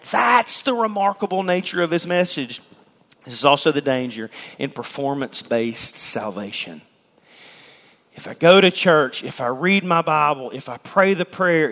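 High-voiced emphatic man preaching. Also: long reverb tail. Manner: emphatic preacher, shouting key words and mimicking people's voices. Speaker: pastor. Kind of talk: sermon. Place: church sanctuary.

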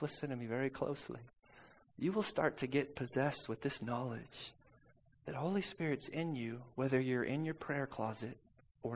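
A man preaching a sermon, telling a personal story and calling out to the congregation for responses, moving from quiet talk to shouting. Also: mid-range voice, vocal fry, a little hiss or hum. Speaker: pastor.

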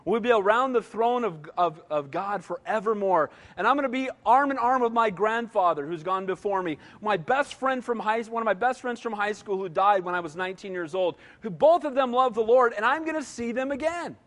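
A man's voice: sits high, animated, brisk, few pauses, fairly bright tone. A man in his sixties preaching a sermon emphatically, often asking the congregation "Amen?". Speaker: pastor. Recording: long reverb of a large hall.

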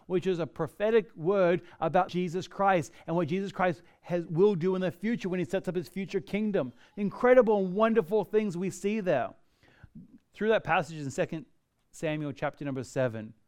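A man delivering a sermon in a high, smooth voice. He preaches with animation, swinging his pitch and volume as he acts out quoted pleas. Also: moderate pace, a little mellow. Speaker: pastor.

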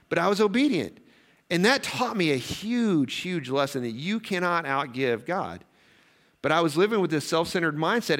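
A man preaching a sermon, telling stories in a conversational way with quick asides and questions to the congregation. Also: fairly high pitch, fairly bright tone. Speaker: pastor.

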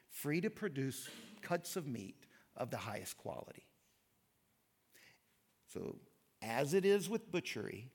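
A man giving a sermon lecture, telling stories and reading quotes with lively emphasis. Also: medium pitch, creaky. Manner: animated storytelling, reads quotes with emphasis. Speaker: pastor.

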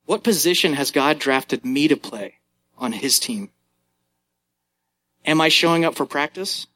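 A young man, a youth pastor, preaching a sermon and telling family stories in an animated way. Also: a little slow. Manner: animated storytelling, acting out moments with big pitch jumps.

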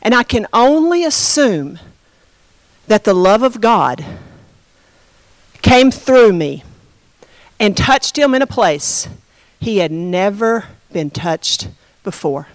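A woman pastor telling a story in a sermon, expressive and conversational, addressing her congregation. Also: medium pitch, slow pace, long pauses, dry recording.

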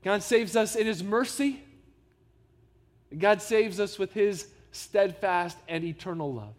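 A man's voice: sits high, slow, long reverb tail. A man preaching a sermon as pastor. He speaks earnestly and emphatically and addresses the congregation with rhetorical questions.

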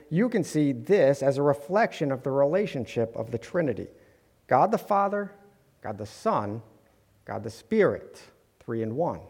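A man's voice: medium pitch, darkish tone. Man preaching in a reverberant church. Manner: earnest, with light self-deprecating asides. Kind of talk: sermon. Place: church sanctuary. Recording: long hall reverb.

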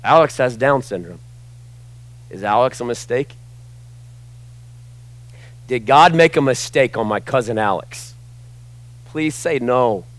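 Impassioned male preacher, loud then hushed. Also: mid-range voice, animated, unhurried, pauses often, rough recording. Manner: impassioned, swinging between loud emphasis and hushed asides. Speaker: pastor. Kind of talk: sermon.

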